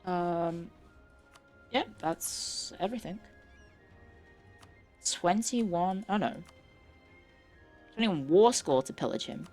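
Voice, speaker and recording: A woman's voice: lowish voice, lively intonation, slow pace, pauses often, darkish tone, soft background music. A woman streamer giving casual, chatty commentary while playing a strategy game, muttering to herself and swearing now and then.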